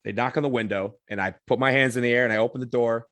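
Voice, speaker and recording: A man spinning a story on a podcast in a loose, animated way, now and then swearing. His voice sits at an ordinary middle pitch. The sound is close and dry, with no room around it. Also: fast, dry recording. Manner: animated, swears, acts out others' lines. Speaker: podcast co-host. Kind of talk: casual storytelling.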